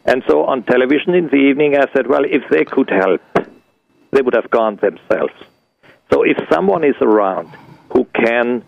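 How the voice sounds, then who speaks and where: An older man from Switzerland answering as a radio guest, halting and full of fillers and restarts, on dull lo-fi radio audio. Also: medium pitch, vocal fry, no room sound.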